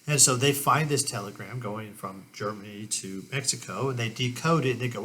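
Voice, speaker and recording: A man talks through a history lesson in a loose, conversational way, circling back and restarting his sentences. His voice is at an ordinary pitch but has a bright, forceful edge. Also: normal speed, hardly any pauses, husky. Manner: conversational, with many restarts and "kind of" asides. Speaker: history teacher. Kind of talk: casual classroom lecture.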